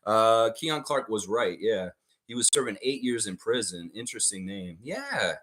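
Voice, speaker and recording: A man hosting a live trivia stream in a casual, excitable way, reading out chat names and answers. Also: on the low side, moderate pace, background noise. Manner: excitable, breaks into loud whoops and laughs, reads chat names.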